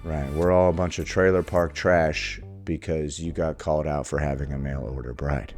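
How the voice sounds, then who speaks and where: A man's voice: very deep voice, steady tone, normal speed, darkish tone, faint music behind. A man hosting a reaction video, giving casual, sarcastic, mocking commentary on a clip.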